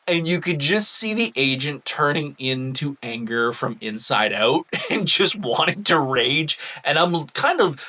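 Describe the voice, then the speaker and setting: A man, a cosplay vlogger, telling a chatty, animated story straight to his viewers. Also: a little high, a little slow. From Canada. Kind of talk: casual storytelling to camera.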